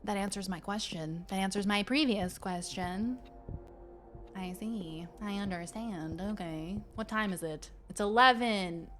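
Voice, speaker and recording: A woman streaming a game and chatting casually with her viewers, playful and quick to slip into silly voices. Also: medium pitch, slight background noise. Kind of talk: casual live-stream chat.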